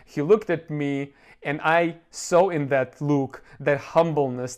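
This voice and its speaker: A man, not a native English speaker, hosting an online course and telling a motivational story in an earnest, emotional way, with many fillers and calling his viewers guys. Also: a little high.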